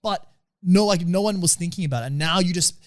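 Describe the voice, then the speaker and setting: A man's voice: high-pitched, fast. A young man, co-hosting a podcast in a casual, swearing, laughing way. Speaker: podcast co-host. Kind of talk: casual chat.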